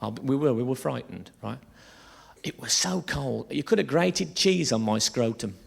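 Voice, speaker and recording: A man tells a stand-up story on a theatre stage. His pitch jumps about a lot and his voice has a gravelly edge. The room around him is a live theatre, and there is crowd laughter behind him. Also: moderate pace, noisy background. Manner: lively, rambling, swearing storyteller. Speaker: stand-up comedian. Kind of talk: stand-up comedy set.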